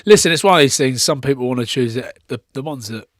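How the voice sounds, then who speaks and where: A man in his thirties, a former rugby player guesting on a podcast, telling lively stories in casual chat and repeating words as he gets going. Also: medium pitch, quick pace, dry recording, studio quality.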